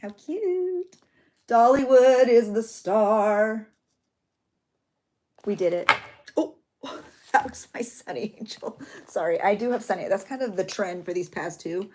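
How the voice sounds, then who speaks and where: A woman's voice: medium pitch, normal speed, a little hiss or hum. A middle-aged woman, hosting a journaling vlog in a chatty, emotional way. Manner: chatty, emotional, tearful at times. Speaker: journaling channel host. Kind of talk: chatty crafting vlog talk.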